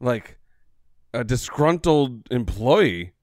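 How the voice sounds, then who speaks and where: A man's voice: mid-range voice, sing-song, slow pace, darkish tone, no room sound, studio quality. Sarcastic man playing a tabletop game. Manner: joking, sarcastic. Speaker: player. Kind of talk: casual chat during a tabletop game.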